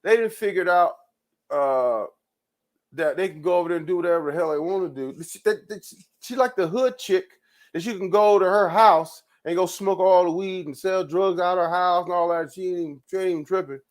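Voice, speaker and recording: A show host with a high voice and brisk delivery goes off on a rambling rant. His commentary is loose and profane, with lots of repeated words and plenty of laughing.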